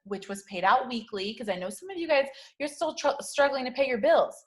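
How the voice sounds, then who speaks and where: A woman in her thirties giving a motivational talk to her sales team, high-energy and slangy, often tagging "okay?" onto her points. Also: animated, a little fast. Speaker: network marketing team leader.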